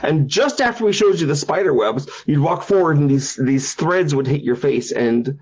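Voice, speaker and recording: Guy on his stream telling spooky stories, bit husky, does all the sound effects. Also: fairly high pitch, normal speed. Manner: animated storyteller, acting out sounds and voices. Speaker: game designer and streamer. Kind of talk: casual storytelling on a stream. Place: his house.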